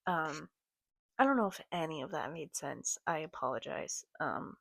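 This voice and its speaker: A young woman talking casually to her camera late at night, halting with many ums and sighs. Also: deep voice, animated, creaky, breathy edge, dry recording. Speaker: vlogger. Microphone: computer or phone camera.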